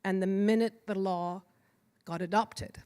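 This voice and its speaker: A woman's voice: medium pitch, steady tone, a little mellow, clear, resonant tone. A middle-aged woman from Iran tells personal stories at a symposium in an earnest, unpolished way. She often trails off, restarts, and fills gaps as she talks. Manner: earnest, halting with restarts and fillers. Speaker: symposium speaker. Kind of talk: personal storytelling talk.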